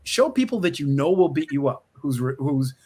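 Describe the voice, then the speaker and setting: A slightly high, husky male voice talks at normal speed. The middle-aged screenwriter, a guest interviewed conversationally over video from his office, tells stories animatedly, frequently restarts sentences, and laughs often.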